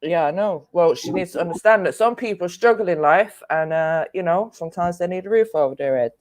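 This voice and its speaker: A woman's voice: on the low side, fairly quick, darkish tone. A woman chatting easily as a co-host on a live stream. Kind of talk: casual live stream chat.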